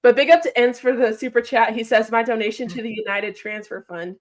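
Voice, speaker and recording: A woman's voice: fairly high pitch, a little fast. Chatty woman hosting a football podcast. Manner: chatty, laughs and reads out viewer messages. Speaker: podcast host. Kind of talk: casual football chat.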